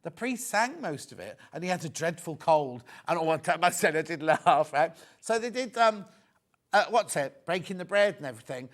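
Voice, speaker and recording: A middle-aged man hosts a live shopping broadcast, talking in a somewhat high voice. He rambles through anecdotes and jokey asides between quoting prices. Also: expressive, normal speed. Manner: chatty, rambling, joking asides. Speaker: shopping channel presenter. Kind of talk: live TV sales chat.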